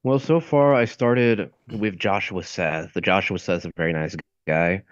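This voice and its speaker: A man's voice: sits low, unhurried, no room sound. A young man and voice acting student chatting casually, rambling and searching for words. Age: young adult. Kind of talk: casual chat. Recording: dull lo-fi audio.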